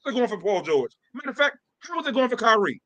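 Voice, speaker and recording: A man's voice: extremely high pitch, quick pace. A man co-hosting a sports podcast, arguing emphatically and repeating his points in a heated debate. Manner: emphatic, repetitive, animated trash talk. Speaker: podcast co-host.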